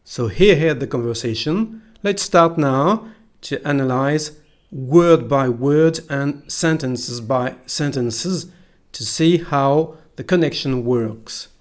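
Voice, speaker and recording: A native French speaker from France, with a French accent, gives a slow pronunciation lesson, patiently repeating phrases for learners. His voice is medium-pitched and his pace slow.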